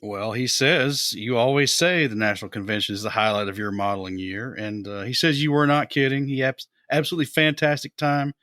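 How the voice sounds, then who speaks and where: A man's voice: mid-range voice, steady tone, brisk, hardly any pauses, bright, forceful tone, no room sound, clean studio sound. Teasing, joking podcast man. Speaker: podcast co-host. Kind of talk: casual chat.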